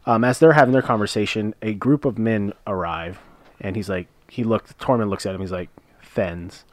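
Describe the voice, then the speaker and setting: In a recording with no room sound, this man speaks briskly in a fairly low voice. As a podcast co-host, he chats about a TV episode, retelling it scene by scene with plenty of uhs.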